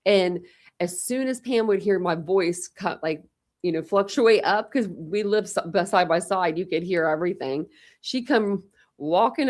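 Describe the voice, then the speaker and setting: A talkative young woman chatting casually on an open panel. Her voice sits a little low, and she tells lively stories, jumping into quoted voices as she goes. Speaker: channel host.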